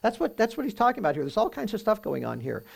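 A man preaching through a Bible passage in a conversational way, often checking in with "right?" and reading the verses slowly with emphasis. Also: high voice, big pitch swings, vocal fry, breathy edge. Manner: reads scripture aloud slowly and with emphasis. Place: room with a live audience.

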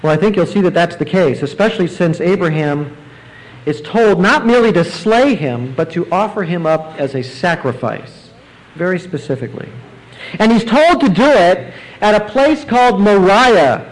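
A man preaching a sermon, explaining scripture verse by verse and rising now and then to emphatic, excited bursts. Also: high voice, moderate pace, poor audio. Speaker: pastor.

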